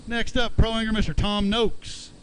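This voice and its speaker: A man's voice: high-pitched, little pitch movement, normal speed, fairly bright tone, slight background noise, rough recording. A man emceeing an outdoor fishing weigh-in, announcing weights and chatting chummily with each angler. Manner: upbeat, chummy, calls anglers bud. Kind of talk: live announcing with banter.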